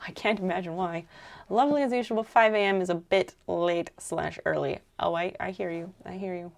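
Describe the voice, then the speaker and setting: Chatty woman with vocal fry. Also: medium pitch, normal speed, a little mellow. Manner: chatty, muses aloud and answers viewer chat. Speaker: craft streamer. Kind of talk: casual live-stream chat while crafting.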